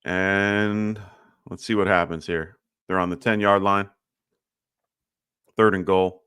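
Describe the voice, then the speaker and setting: A man sounding short on sleep runs a fantasy football livestream Q&A, chatting loosely with plenty of fillers and a slight lisp. His voice sits low and speaks slowly, fairly even in intonation, a bit bright, clear and resonant, captured in studio quality without echo.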